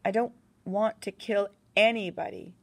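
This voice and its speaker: A woman's voice: medium pitch, fairly even intonation, unhurried, voice pushed up, lightly acted. A woman voicing Alexander, a bitter young German soldier. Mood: weary. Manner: terse, clipped, restrained anger. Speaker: medical orderly.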